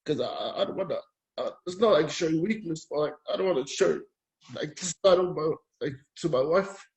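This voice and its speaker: A Polynesian man talking candidly as a guest, in a hesitant, halting, soft-spoken way. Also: fairly high pitch, expressive. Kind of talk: candid personal conversation.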